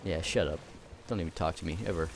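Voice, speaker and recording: A young man playing a co-op game with a friend, teasing and animated, with bursts of laughter. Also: low-pitched, fast talker, gravelly, slight background noise. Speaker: gaming YouTuber. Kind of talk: casual co-op gameplay banter.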